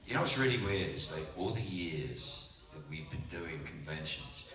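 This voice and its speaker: A man's voice: expressive, moderate pace, a crowd in the background. A man bantering and teasing on a convention panel, laughing often. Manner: teasing, laughing, does high-pitched mock voices. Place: large convention hall. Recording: roomy hall from far off, loud noise.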